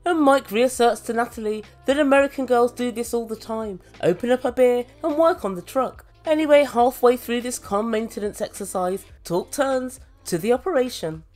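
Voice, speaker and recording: Woman, higher pitch, dry mocking reviewer who swears. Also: normal speed, few pauses, a little mellow, soft background music. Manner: sardonic, mocking, swears freely. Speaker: reality TV reviewer. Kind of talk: sarcastic recap commentary.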